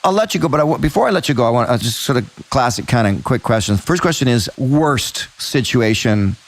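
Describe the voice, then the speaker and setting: A man's voice: mid-range voice, animated. A middle-aged man from Canada hosting a podcast and asking questions in a casual, conversational way. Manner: conversational, quick asides. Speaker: podcast host. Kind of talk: casual interview chat.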